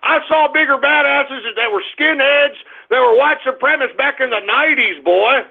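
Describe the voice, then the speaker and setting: A man hosting a call-in internet radio show, ranting in a brash, confrontational way with drawn-out taunts. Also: very high-pitched, vocal fry. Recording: tinny phone-like audio.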